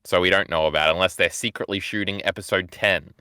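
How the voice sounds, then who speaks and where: A man's voice: low-pitched, steady tone, fast, bright, forceful tone, clean tone, no echo, studio quality. A man co-hosting a casual movie chat, heaping playful mock-grand praise and teasing his friend, with some swearing. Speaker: podcast co-host.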